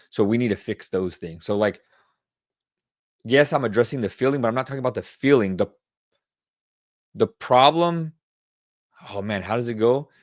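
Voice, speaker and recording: A man's voice: fairly low pitch, no room sound, clean studio sound. A man running a casual leadership Q&A, talking things through aloud and firm about standards. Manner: conversational, thinks aloud while searching and sharing screen. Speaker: leadership coach. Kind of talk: casual teaching Q&A.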